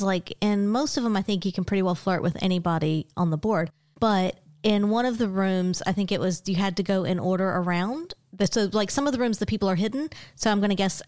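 A woman's voice: mid-range voice, darkish tone, dry recording, clean studio sound. A woman co-hosting a podcast in casual chat, explaining things in an easygoing way. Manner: easygoing, explaining, laughs often. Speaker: podcast co-host.

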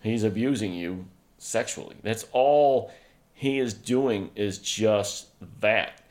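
A man's voice: on the low side, slow pace. Blunt, profane man telling a story. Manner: blunt, profane storyteller, quotes himself loudly. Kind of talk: casual frank chat.

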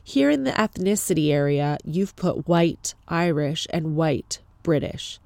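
Blunt, flat, officious receptionist , a Canadian woman putting her on, gravelly, dry. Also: low voice, measured pace, no room sound, heavily acted. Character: blunt, rigid female clinic receptionist.

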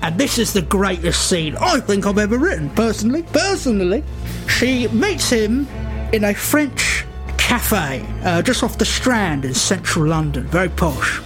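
Animated rambling comedy storyteller. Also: medium pitch, unhurried, over music. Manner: animated, hesitant, full of fillers and giggles. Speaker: guest playing a screenwriter.

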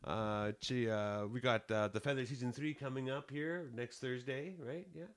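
A man's voice: medium pitch, steady tone. A man co-hosting a comedy podcast, chatting casually, chiming in with jokes and rattling off show plugs. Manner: joking interjections, quick promo patter.

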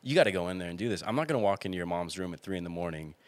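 Low-voiced young man telling a story. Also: rapid-fire, no room sound. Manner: animated storyteller, acts out quotes, laughs often. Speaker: campus EMT and podcast guest. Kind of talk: casual storytelling.

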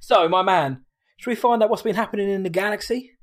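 A man's voice: sits high, a little fast. A man from the UK co-hosting a podcast in a jokey, upbeat way. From United Kingdom. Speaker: podcast co-host. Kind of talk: casual chat.

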